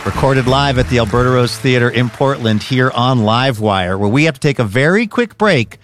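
A man hosting a radio show, reading a practiced segment announcement in a smooth announcer delivery. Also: mid-range voice, animated, brisk. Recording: radio studio with music bed.

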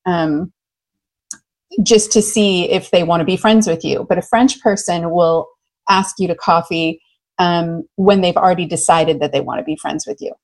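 A woman guest, a love coach, telling stories in an interview in an enthusiastic, loud and lively way with frequent laughter. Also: on the low side. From United States. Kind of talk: candid interview storytelling.

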